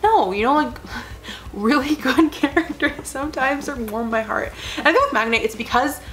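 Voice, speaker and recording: Brief: young woman vlogger, slightly high voice, rambling, earnest and gushing. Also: moderate pace, fairly bright tone, faint music behind. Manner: rambling, full of "like" fillers, gushing; emotional, earnest. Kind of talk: casual chat.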